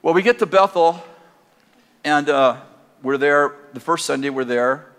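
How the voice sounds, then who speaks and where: Older man, preacher, storytelling sermon, casual and animated, laughs as he goes. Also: fairly high pitch, a little slow, clean tone. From Northern California, USA. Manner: conversational, animated, laughing at his own story.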